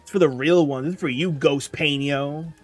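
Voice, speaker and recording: A man's voice: on the high side, moderate pace. A tired young man chatting casually on a livestream, reading chat and rambling along. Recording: music playing faintly behind. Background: faint background music.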